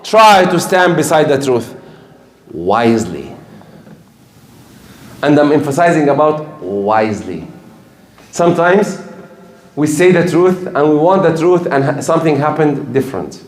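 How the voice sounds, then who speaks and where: Older preacher guy, high voice, echoey mosque room, earnest and repeats himself. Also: lively intonation, normal speed. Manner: earnest, repetitive, emphatic, with slips. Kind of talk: sermon.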